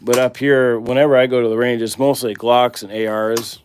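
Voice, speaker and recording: While he works on a task, a man hosting a livestream chats casually and rambles in an easygoing way, his accent Midwestern American. He talks at normal speed with a medium pitch and little pitch movement, and there's slight background noise.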